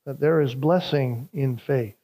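A man's voice: medium pitch, measured pace, mellow. A man preaching a sermon as a pastor, earnest and building emphasis as he explains scripture, with small repeats and restarts.

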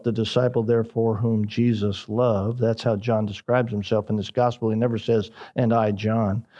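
A man preaching a sermon in an expressive way, dropping his voice low and slow for emphasis.

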